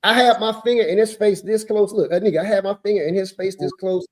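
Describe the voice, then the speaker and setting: A man in his fifties, a podcast host telling a story in an emphatic, animated way. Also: high-pitched, quick pace.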